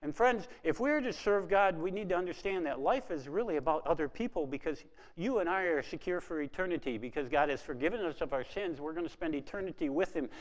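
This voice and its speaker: Male preacher, sermon delivery, soft quotes and rising emphasis, reverberant hall sound. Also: on the high side, expressive, fairly quick. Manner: swings between hushed quoting and rising emphatic preaching.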